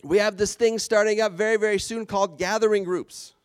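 A man from Canada preaching a sermon as pastor, animated and jokey with playful asides. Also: high-pitched, a little fast, clean tone, no room sound.

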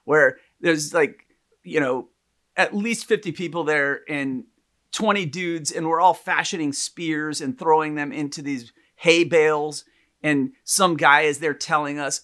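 A man in casual podcast conversation, telling an animated, rambling story with lots of restarts. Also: fairly high pitch, measured pace.

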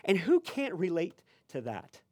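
A man's voice: sits high, measured pace, dry recording, studio quality. A male pastor preaching a conversational sermon, telling a story with lots of fillers and restarts. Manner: animated storytelling with many fillers.

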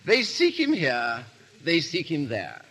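A man's voice: fairly high pitch, huge pitch swings, takes it slowly, pushed and bright, slightly rough, full character voice. An actor playing a vain, foppish nobleman with a languid, stammering drawl in a 1930s radio drama. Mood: foppish, playful.

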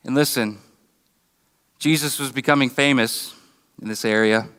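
A man preaching a sermon, earnest and halting, often restarting his words and briefly acting out mocking voices. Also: mid-range voice, fairly bright tone, clear, resonant tone, long reverb tail. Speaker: pastor. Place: church building.

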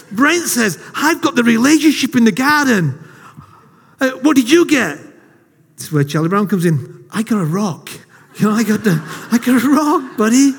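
Man preaching, high voice, joking and self-deprecating, long hall reverb. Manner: jokey, self-deprecating storyteller. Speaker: lay preacher. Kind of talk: casual sermon to a congregation.

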